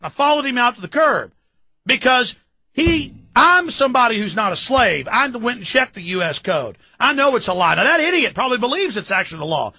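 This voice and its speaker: A man in his thirties with a Texan accent, hosting a talk show and ranting about politics, loud and mocking, shouting at times. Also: very high-pitched, big pitch swings, brisk, no echo, low-quality recording. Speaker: radio talk show host. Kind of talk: fired-up political rant.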